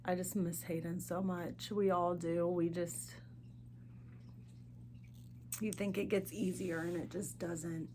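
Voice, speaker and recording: Middle-aged woman, podcast host, low voice, little rise and fall, halting, earnest, open about grief. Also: little pitch movement, darkish tone, a little hiss or hum. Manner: earnest, halting, searching for words; speaks openly of grief and faith. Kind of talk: personal monologue.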